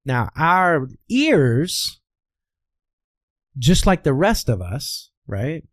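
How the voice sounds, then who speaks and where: This voice coach from the American Midwest appears as an interview guest, teaching as he talks and answering his own rhetorical questions. He speaks in a fairly high, sing-song voice, drawing out his words, and the recording is dry.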